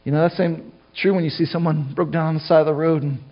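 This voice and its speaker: Here a middle-aged pastor preaches casually and quickly, his intonation fairly even and his pitch high for a man. Restarts and side remarks pepper the sermon, and the audio sounds muffled and lo-fi.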